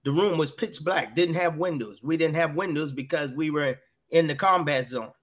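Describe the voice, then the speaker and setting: A man's voice: on the high side, moderate pace. A middle-aged man earnestly telling a personal faith testimony, often repeating his words as he goes. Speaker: guest sharing a faith testimony.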